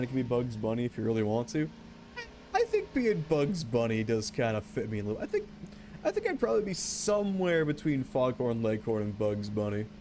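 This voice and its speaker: A man's voice: medium pitch, warm tone, slight background noise. A man streaming a game, rambling and joking back and forth with his chat. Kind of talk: casual gameplay commentary.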